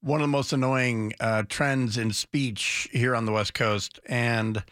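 A man hosting a talk radio show who rambles in opinionated banter, halting and restarting often. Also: mid-range voice, steady tone, fairly bright tone, no room sound, studio quality.

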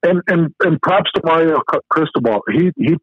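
A man's voice: on the high side, expressive, moderate pace, husky, no echo. A man co-hosting a sports podcast, giving an emphatic, detailed breakdown of a game. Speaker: co-host. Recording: tinny phone-line sound.

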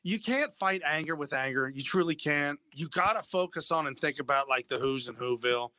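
A man's voice: a little high, fairly quick, pushed and bright, no echo. A man on a casual talk panel, trading wry quips and turning earnest. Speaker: show panelist.

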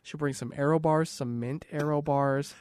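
A man's voice: on the high side, moderate pace, clear, resonant tone, dry recording. A man in his twenties from Canada, co-hosting a podcast in a casual, joking chat. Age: 20s. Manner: joking, animated storytelling. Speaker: podcast co-host.

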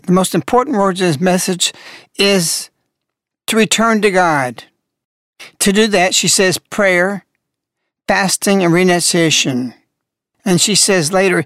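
A radio host giving an earnest devotional talk, slowing down to stress key words. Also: mid-range voice, fairly bright tone, dry recording, studio quality.

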